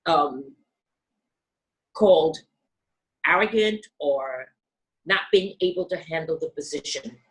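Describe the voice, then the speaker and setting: An older woman from the United States, a guest telling her life story in a measured, careful way, acting out voices of people she quotes. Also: deep voice, animated, low-quality recording. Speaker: interview guest.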